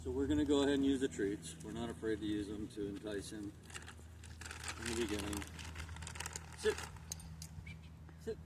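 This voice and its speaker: A man with a lowish voice talks a dog owner through training, casual and full of "um"s as he works. He sits well back from the camera mic outdoors, and loud background noise runs under everything he says. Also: fairly even intonation, fast talker, distant mic. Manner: casual, explaining as he works, frequent fillers. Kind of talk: instructing a dog owner on the spot. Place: outdoors on an empty lot. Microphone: camera held by the owner a few steps away.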